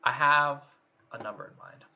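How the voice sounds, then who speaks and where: A man's voice: mid-range voice, normal speed, gravelly, dull audio, slight background noise. A man hosting his channel, judging contest photos in a casual chat and thinking aloud with hesitant restarts.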